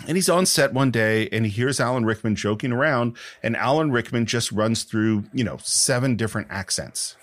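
A man co-hosting a film podcast, telling behind-the-scenes stories in an animated way and laughing often. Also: mid-range voice, moderate pace, few pauses. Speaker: podcast co-host. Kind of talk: casual film discussion.

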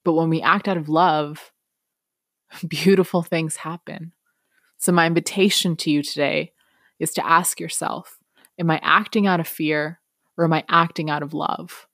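A woman's voice: deep voice, steady tone, unhurried, a bit bright, no room sound, studio quality. A woman hosting a podcast, telling a personal story in a candid, reflective, chatty way and turning it into motivational encouragement. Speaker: podcast host.

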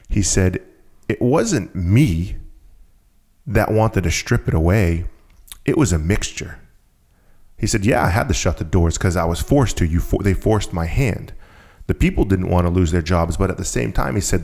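A man's voice: low-pitched, darkish tone. A man who is a guest on a conversational show, telling a story casually and with energy, often restarting and repeating phrases.

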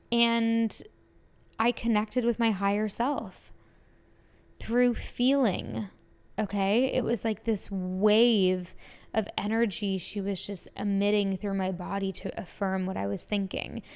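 A woman telling a personal story in a casual, rambling way, full of fillers, sometimes dropping to a soft whisper. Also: mid-range voice, smooth. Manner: rambling, heavy use of "like" and fillers; drifts into soft whispers at emotional moments.

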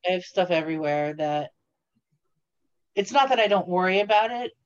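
A woman guest on a podcast, chatting casually in a relaxed, matter-of-fact way. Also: on the low side, normal speed, dull audio. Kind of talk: casual chat.

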